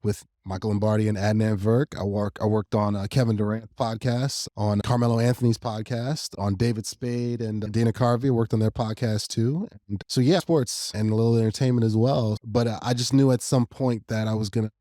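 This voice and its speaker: A man in his thirties from New Jersey, chatting on a sports podcast in a studio. He talks in an animated way, laughs a lot and often restarts his words. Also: lowish voice, fairly quick, hardly any pauses, dry recording. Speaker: sports podcast host and guest. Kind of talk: casual sports podcast chat.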